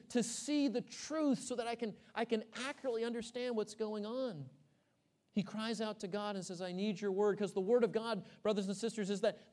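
Male pastor from Texas, high voice, dynamic sermon delivery: loud emphasis, then hushed lines, questions to the pews. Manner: dynamic preaching, swings from loud emphasis to hushed near-whisper; asks the congregation questions, repeats words when restarting.

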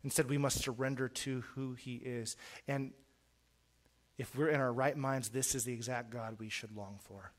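A middle-aged man preaching a sermon in an earnest way, repeating words as he starts phrases and swinging from quiet to loud. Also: medium pitch, steady tone, moderate pace.

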